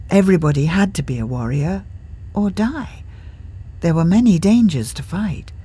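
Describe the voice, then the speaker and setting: A blunt young warrior woman, as a narrator puts her on speaks stiffly and formally, never shortening a word. Her voice sits higher than the narration, slightly husky, with a literal, direct edge in this audiobook. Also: lively intonation, moderate pace, mellow. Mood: earnest. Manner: formal, no contractions, blunt questions.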